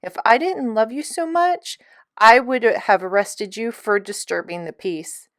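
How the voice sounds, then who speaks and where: A woman's voice: fairly high pitch, a little slow, no room sound, studio quality. A woman reading a storybook aloud and voicing a fussy, dramatic tall lady who dotes on her little dog. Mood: exasperated.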